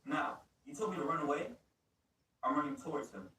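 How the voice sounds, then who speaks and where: A man's voice: on the high side, fairly quick, sharp tone, voice pushed down. A man playing an arrogant, boastful male superhero who calls himself perfect, with a pompous, threatening manner. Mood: menacing. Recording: roomy echo, distant mic, faint noise.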